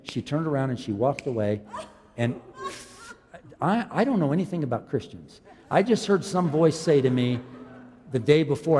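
A man in his fifties preaching a sermon as a pastor, swinging from loud, impassioned lines to quiet, low ones. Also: lively intonation, moderate pace. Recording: long hall reverb.

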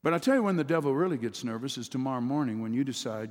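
A man's voice: medium pitch, animated, racing. A man preaching a sermon as pastor, leading his congregation in call-and-response with rising, emphatic delivery. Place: church sanctuary. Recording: long reverb of a church hall.

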